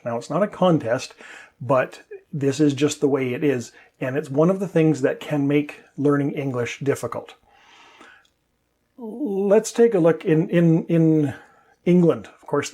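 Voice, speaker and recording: Male English teacher, slightly high, husky voice, patient step-by-step explainer. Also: a little mellow.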